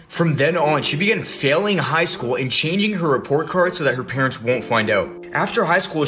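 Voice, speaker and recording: A man narrating a true-crime storytime in a steady, matter-of-fact way. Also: mid-range voice. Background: background music.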